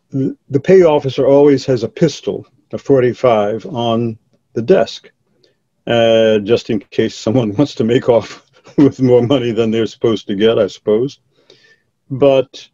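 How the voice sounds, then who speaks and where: An older man slowly recalling a story in a documentary interview, in a measured way with hesitant restarts. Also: medium pitch, warm tone, no echo, highs cut off.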